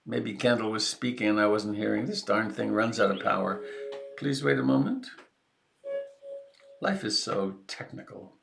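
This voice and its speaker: A man hosting a meditation group over a video call, chatting casually in an unhurried, rambling and joking way. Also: fairly low pitch, vocal fry, a bit bright, faint music behind.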